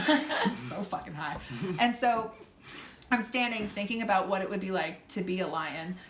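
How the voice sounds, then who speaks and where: A young woman telling a story in a casual chat, loud and animated, swearing freely and acting out the people she quotes. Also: mid-range voice, measured pace. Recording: echoey room, faint background hum.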